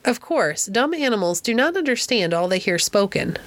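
A woman narrating a classic novel as an audiobook in a clear, steady storytelling voice. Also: medium pitch, moderate pace.

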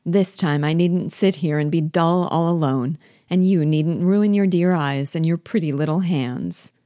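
A woman reading the part of a fond, patronizing husband in a play, in a calm, indulgent tone close to her own voice. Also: low voice, a little slow, no room sound.

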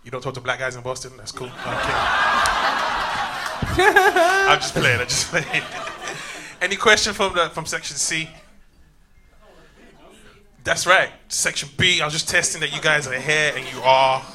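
Male compere, joshing, slightly high, loud crowd and noise. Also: normal speed. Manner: playful, joshing with the audience. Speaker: host. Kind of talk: compering a live comedy show. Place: comedy club stage. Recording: noisy live recording with crowd.

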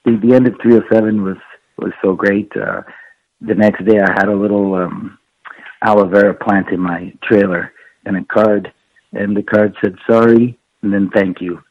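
A man, an actor, recalling a filmed scene in a relaxed, halting interview. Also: on the low side, dry recording. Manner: relaxed, halting, many fillers. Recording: muffled, lo-fi interview clip.

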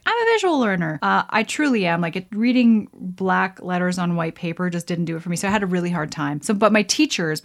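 A chatty young woman from Canada hosts her own podcast in a loose, casual way. She talks easily and laughs at herself often. Her voice sits at an ordinary middle pitch for a woman. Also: vocal fry. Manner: chatty, giggly, self-deprecating. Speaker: podcast host. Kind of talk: casual solo podcast chat.

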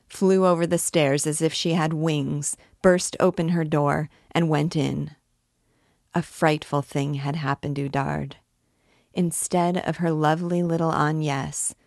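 A woman reading a classic novel aloud in measured, dramatic storytelling. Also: deep voice, creaky, dry recording, clean studio sound. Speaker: book reader and guide. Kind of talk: scripted narration of a novel.

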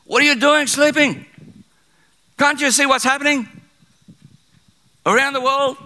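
A man voicing an alarmed ship captain who shouts urgent questions at a sleeping passenger. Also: mid-range voice, normal speed, breathy edge. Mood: alarmed scolding.

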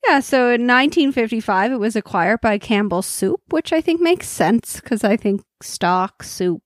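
Chatty woman with a fairly high voice. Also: animated, normal speed, no room sound, studio quality. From Canada. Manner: chatty, laughs often, eats while talking. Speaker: podcast co-host. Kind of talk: casual food-tasting chat.

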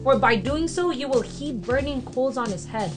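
A young woman in a casual faith chat, reading Bible verses and then talking in relaxed slang. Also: sits high, normal speed, music in the background. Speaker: co-host of a faith discussion.

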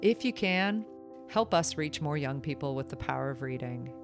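A woman's voice: sits low, expressive, normal speed. A woman hosting an education podcast, speaking in an earnest, reflective way. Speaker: podcast host. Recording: music bed under voice.

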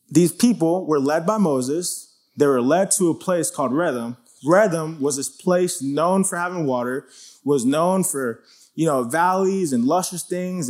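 A man teaching through a Bible passage in a relaxed, conversational way, with lots of "like" and "you know". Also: fairly high pitch. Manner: conversational, full of "like" and "you know", acts out quotes.

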